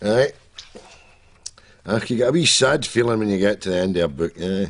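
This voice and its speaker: A man's voice: on the low side, expressive, normal speed. An actor playing a cantankerous older Scottish man who rambles and argues, with a Scottish accent. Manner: rambling, argumentative, hesitant. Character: cantankerous old Scottish man, Jack, cowboy book fan.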